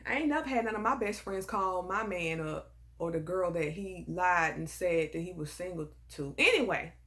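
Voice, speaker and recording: A woman telling a personal story in a casual, animated and emphatic way, full of sass. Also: medium pitch. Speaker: storyteller vlogger.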